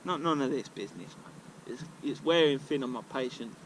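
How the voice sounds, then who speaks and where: A man's voice: mid-range voice, lively intonation, brisk, a little hiss or hum, rough recording. A man talking to camera outdoors, rambling in a casual, slangy, heavily sweary way. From England. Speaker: vlogger. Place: outdoors at a regular filming spot.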